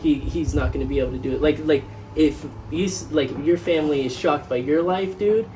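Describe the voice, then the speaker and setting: Man, 20s, podcast co-host; rambling, filler-heavy talk, slightly high, distant mic over soft music. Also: brisk, background noise. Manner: rambling, restarts often, heavy use of "like". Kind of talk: casual conversational podcast.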